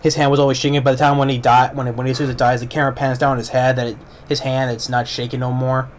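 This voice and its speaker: A man's voice: mid-range voice, level tone, quick pace, a little hiss or hum. Man rambling through a casual movie review. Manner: rambling plot retelling with many fillers and restarts.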